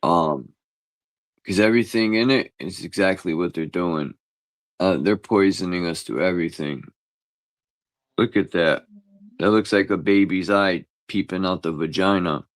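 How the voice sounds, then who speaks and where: A man's voice: low voice, measured pace, no room sound. A man in a casual chat, ranting bluntly in slangy, everyday talk.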